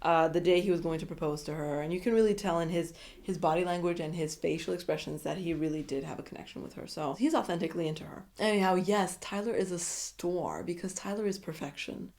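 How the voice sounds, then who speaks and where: A woman's voice: lowish voice, fairly even intonation, fast talker, few pauses, a little mellow. A young woman recapping a reality show in a sassy, opinionated casual commentary, full of asides.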